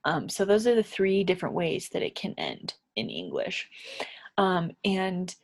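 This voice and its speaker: Slow, patient woman teaching English. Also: on the low side, wildly swooping pitch. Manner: slow and patient, repeating example sentences, checking in with "right?". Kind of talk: grammar lesson for learners.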